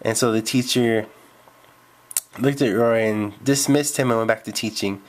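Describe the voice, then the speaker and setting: A man's voice: lowish voice, steady tone, moderate pace. Man rambling through a story. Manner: rambling, with restarts. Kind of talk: improvised story narration.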